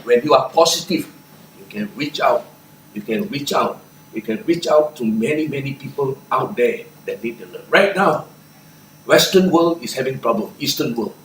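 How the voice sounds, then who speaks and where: Older singaporean man, motivational speaker, punchy and animated, recorded far off in an echoey hall. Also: medium pitch, normal speed, background noise. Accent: Singaporean English. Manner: animated, punchy, with laughs and shouted chants. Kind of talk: lively motivational talk. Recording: echoey room, far from mic.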